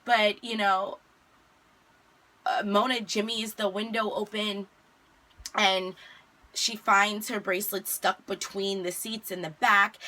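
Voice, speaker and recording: Young woman, casual vlog recap, chatty storytelling, bright voice. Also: medium pitch. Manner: chatty, animated retelling with quick asides. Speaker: vlogger recapping a TV episode.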